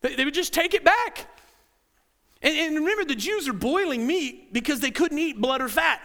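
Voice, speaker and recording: A man preaches from the front of a church in an animated, conversational way. His voice sits very high for a man and rings bright and forceful. He slips into quick acted voices to bring the story to life. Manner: animated, acts out quoted voices. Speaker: pastor. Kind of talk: sermon. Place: church sanctuary.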